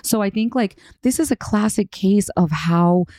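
A woman's voice: medium pitch, normal speed, dark tone, dry recording, studio quality. A woman co-hosting a podcast, chatting casually and animatedly with lots of fillers. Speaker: podcast co-host. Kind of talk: casual recap chat.

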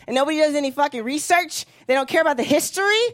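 A woman's voice: high-pitched, racing, no room sound. A woman in her thirties doing a profane, brash stand-up comedy set on a club stage, acting out the voices of other people. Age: 30s.

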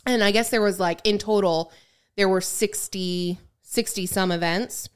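A woman's voice: medium pitch, fairly even intonation, a little slow, clear, resonant tone. A woman co-hosting a podcast in casual, gossipy chat, swearing now and then. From Michigan. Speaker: podcast co-host.

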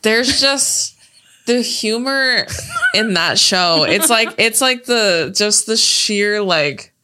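A woman's voice: mid-range voice, lively intonation, slow, sharp tone, clean tone. A young woman co-hosting a podcast, telling cartoon scenes with lots of giggling and quoting lines in character voices. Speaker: podcast co-host. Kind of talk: casual chat.

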